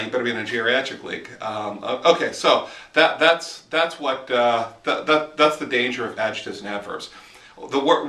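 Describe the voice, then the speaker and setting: Guy giving a casual writing lesson on a walk, bright tense voice, kinda far off the mic with a roomy sound. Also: medium pitch. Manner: talks while walking, informal and explanatory. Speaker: writing teacher. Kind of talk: casual teaching monologue. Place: outdoors in the woods. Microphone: handheld camera mic.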